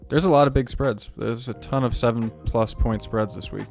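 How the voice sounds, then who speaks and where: A man's voice: mid-range voice, normal speed, gravelly, a little mellow, soft background music. A man co-hosting a sports betting podcast, giving short, agreeable replies in casual chat. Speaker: podcast co-host.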